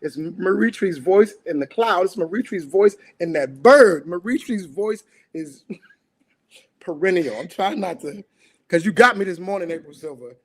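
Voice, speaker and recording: Grieving man, husky, fairly high voice, raw and emotional, breaks into laughter and anger. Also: expressive, measured pace. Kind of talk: livestream talk show conversation.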